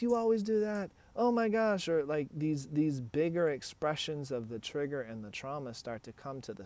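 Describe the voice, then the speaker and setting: A man's voice: medium pitch, a little mellow. A man with a mid-range voice talks straight to the listener as a relationship coach. His delivery is earnest and encouraging, and he often acts out short example conversations. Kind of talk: direct advice talk.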